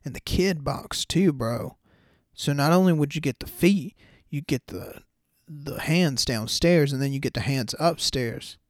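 A man's voice: fairly high pitch, unhurried, no echo, clean studio sound. Slangy man hosting a podcast. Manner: loose and slangy, says bro a lot. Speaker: podcast host. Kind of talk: casual solo podcast talk.

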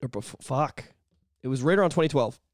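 A man co-hosting a podcast, talking candidly and swearing a lot, sometimes bursting into loud shouted bits. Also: mid-range voice, quick pace, no room sound, clean studio sound. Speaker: podcast co-host. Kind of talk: candid casual chat.

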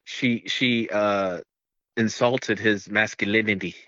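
Bright-voiced man on a dull lo-fi mic. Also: fairly low pitch, fairly even intonation, slow, no room sound. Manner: joking, chimes in with wry remarks. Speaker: podcast co-host. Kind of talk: casual movie review chat.

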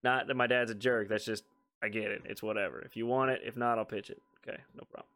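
A man co-hosting a podcast, telling family stories in a relaxed chat and laughing along the way. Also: on the low side, fast talker. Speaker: podcast co-host. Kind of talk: casual storytelling chat.

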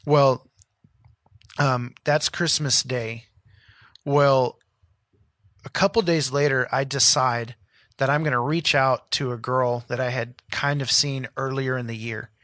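Male pastor in his thirties, co-host, animated storyteller voicing quotes, mid-pitched, dry studio sound. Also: measured pace, pauses often, no echo. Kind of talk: casual storytelling chat.

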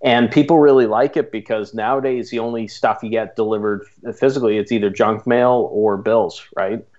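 A man's voice: lowish voice, steady tone, moderate pace, darkish tone. A man with a Canadian accent, chatting casually as a guest about his newsletter, laughing easily. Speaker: guest, coaching newsletter publisher. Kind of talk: casual interview talk. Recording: lo-fi sound.

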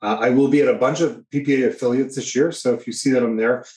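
An easygoing man with a New Hampshire accent talks as a podcast guest. He speaks at a middle pitch, hesitating with plenty of ums. His voice carries a roomy echo. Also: steady tone, fast talker, a little mellow. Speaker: guest photographer. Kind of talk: casual podcast interview.

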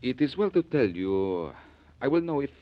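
An actor playing a detective who puts on a French accent to pose as a polite foreign buyer in a 1940s radio drama. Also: male voice, mid-range voice, sing-song, normal speed, voice pushed up, close to an everyday voice. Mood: oily polite. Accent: French (put on). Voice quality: overly courteous, sprinkled with French words. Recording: dull old radio broadcast.

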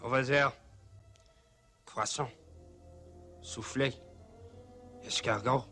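An actor playing a formal male resistance fighter, reading out names slowly in a film scene. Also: mid-range voice, steady tone, sharp tone. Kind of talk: film dialogue clip. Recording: film clip with faint music.

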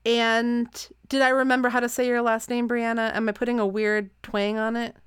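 A woman hosting a podcast in casual chat, talking fast and loose with plenty of fillers and laughs. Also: on the high side, little pitch movement, clean tone, no echo, clean studio sound. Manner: chatty, giggly, lots of fillers. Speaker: podcast host.

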